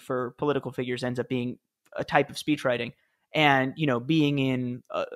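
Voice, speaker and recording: A man in his thirties, a podcast guest, telling stories in a chatty, easygoing way with fillers and small laughs. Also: on the high side. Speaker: podcast guest, former speechwriter. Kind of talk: casual interview storytelling.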